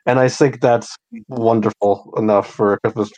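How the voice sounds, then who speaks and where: A man's voice: fairly low pitch, fairly even intonation, moderate pace, a little mellow, dry recording, dull audio. A man co-hosting a casual movie review chat, adding wry, dry remarks. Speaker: podcast co-host.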